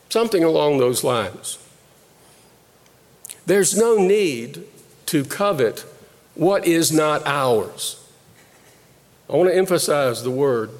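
A man delivers a sermon at a slow, measured pace, pausing often and going back over his words. His voice sits a bit high for a man. The sound carries a long reverberant tail, like a large hall. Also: expressive. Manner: slow, deliberate preaching with pauses and repeated phrases. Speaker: pastor.

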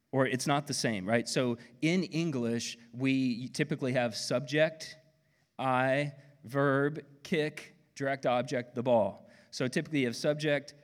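A man with an Oklahoma accent preaching a sermon as pastor, conversational and animated, with playful asides. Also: medium pitch. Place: church auditorium. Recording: long hall reverb.

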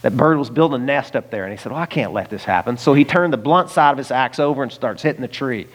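A man's voice: medium pitch, quick pace. A man from the United States preaching a sermon in a conversational way, with chuckles and direct asides to the listeners. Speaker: pastor.

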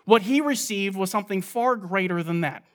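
Higher-voiced man preaching emphatically. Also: normal speed. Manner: emphatic, asks rhetorical questions and answers them; shifts between loud stress and quiet, low asides. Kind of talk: expository sermon.

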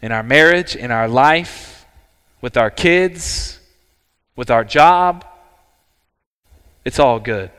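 A man preaching a sermon as pastor, earnest and emphatic, with dramatic pauses. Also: fairly high pitch, fairly bright tone, clear, resonant tone. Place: church sanctuary. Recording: church hall reverb.

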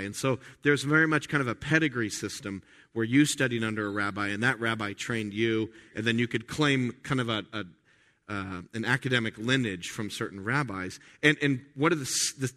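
A man pastor preaching a sermon in a conversational way, full of restarts and rhetorical questions, swinging from quiet asides to loud emphatic lines. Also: mid-range voice.

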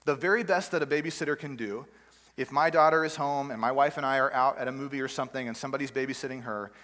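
A pastor preaching a sermon in a church room, talking conversationally with rhetorical questions and everyday examples. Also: male voice, mid-range voice, fast talker, fairly bright tone. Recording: long hall reverb.

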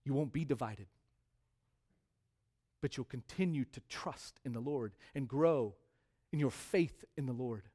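A man preaching a sermon as pastor, stressing key words by repeating them and swinging between quiet drops and loud rises. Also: mid-range voice, a little slow, long pauses.

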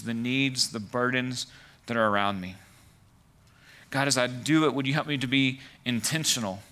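Man, pastor, conversational sermon, bright tone, mid pitch. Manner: conversational preaching with many "like" and "right" asides.

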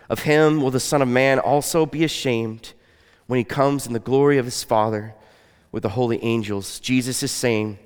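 A pastor with a medium-pitched, smooth, resonant voice preaches earnestly and conversationally. He often drops to a soft, quiet tone. A long reverb from the surrounding hall trails his words.

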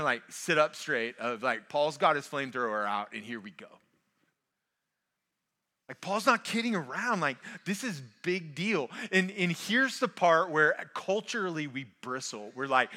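A man with a fairly high, bright and forceful voice delivers a sermon. He keeps the tone conversational, leans hard on key phrases and fills gaps with "like." It sounds like a pastor talking straight to his congregation. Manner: conversational, emphatic, frequent "like" fillers.

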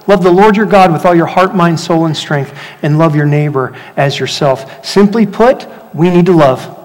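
A man preaching a sermon as pastor, animated, swinging between loud rhetorical questions and hushed emphasis. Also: fairly high pitch, normal speed. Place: church hall. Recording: long hall reverb.

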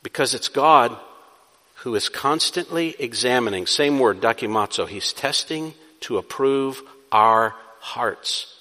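A man's voice: mid-range voice, measured pace, bright, forceful tone. A man preaching a sermon as pastor, emphatic, asking questions and answering them himself. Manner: emphatic, asks and answers his own questions. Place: church sanctuary. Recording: reverberant hall.

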